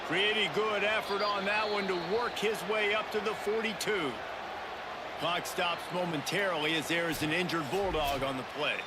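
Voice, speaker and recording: A man calling football play-by-play in a brisk, measured announcer manner. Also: high-pitched, steady tone, heavy background noise, close to an everyday voice. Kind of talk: sports commentary. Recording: game audio under loud sound effects.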